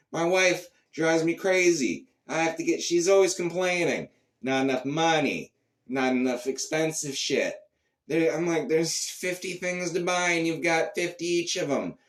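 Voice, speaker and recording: A man performing a profane comic rant, shifting between low mutters and sudden shouts. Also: roomy sound, distant mic. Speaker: comedian. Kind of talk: character comedy monologue.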